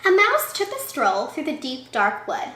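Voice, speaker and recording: A woman teacher reading a picture book aloud to young children in an expressive way, pausing to ask them questions. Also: sits high, slight background noise. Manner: warm, expressive, asks questions of young listeners. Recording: echoey room.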